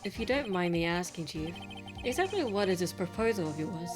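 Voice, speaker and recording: A woman's voice: on the low side, lively intonation, brisk, natural voice. Smug scheming police chief read out by a woman, mocking tone, game music going. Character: scheming middle-aged male police chief.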